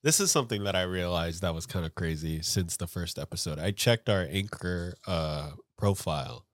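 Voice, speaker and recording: A man with a stuffy nose, co-hosting a podcast in a rambling, chatty way. His voice sits low, and the recording is close and dry with no room sound. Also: lively intonation, normal speed, dry recording. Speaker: podcast co-host. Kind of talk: casual chat.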